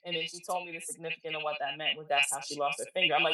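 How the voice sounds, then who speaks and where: A woman tells stories in a casual, blunt, animated way, with casual swearing. Her voice sits a little low yet sounds bright. She is recorded from a distance in an echoey room. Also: rapid-fire, few pauses. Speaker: podcast guest, spiritual reader. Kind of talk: casual storytelling interview.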